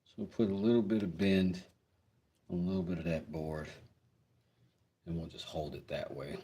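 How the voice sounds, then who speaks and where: A man's voice: sits low, steady tone, normal speed, dark tone, slight background noise. A man in casual live-stream chat while working on a craft project, joking and reading chat aloud. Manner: laid-back, joking, reads chat aloud.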